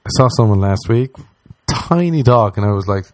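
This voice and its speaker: A young man ranting casually and comically, swearing often and mocking other people with quick impressions. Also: fairly low pitch, lively intonation, darkish tone, slight background noise. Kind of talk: casual comedic rant.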